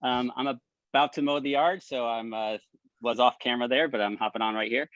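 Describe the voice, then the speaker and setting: A relaxed, friendly man talks casually over a video call. His voice sits in an ordinary middle range. The audio is dull and lo-fi, with a very dry, close sound. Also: mid-range voice, brisk, no room sound. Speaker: participant in a Q&A session. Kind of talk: casual chat.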